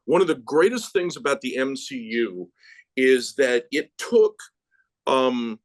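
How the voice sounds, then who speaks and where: A man hosting a podcast, ranting in casual chat, swearing freely and jumping up in pitch when worked up. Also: slow, no room sound, rough recording. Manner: animated, profane ranting with sudden pitch jumps. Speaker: podcast host.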